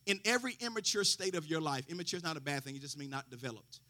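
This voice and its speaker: A man's voice: fairly high pitch, lively intonation, rapid-fire, pushed and bright. A man preaching a sermon, quoting scripture with folksy asides and rising fervor. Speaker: pastor.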